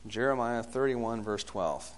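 A man preaching a sermon, asking the congregation questions and swinging between loud bursts and hushed lines. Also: mid-range voice, unhurried.

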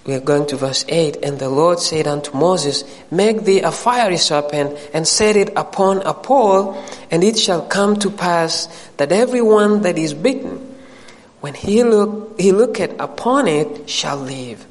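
A man's voice: fairly high pitch, lively intonation, unhurried, in a large hall, low-quality recording. A man preaching a sermon to a congregation, addressing them directly and rising into emphatic questions.

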